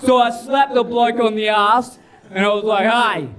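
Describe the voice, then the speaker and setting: A man's voice: very high voice, fairly even intonation, normal speed. A man doing a stand-up set on a club stage, with punchy, repetitive delivery built on a catchphrase. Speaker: stand-up comedian. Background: crowd laughing and cheering.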